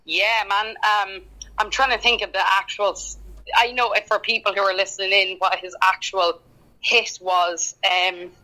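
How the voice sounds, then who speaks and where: An Irish woman in a casual podcast chat, talky and quick to laugh, with lots of fillers. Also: mid-range voice, steady tone, sharp tone, poor audio. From Ireland. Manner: chatty, laughs often, halting with fillers. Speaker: guest singer-songwriter.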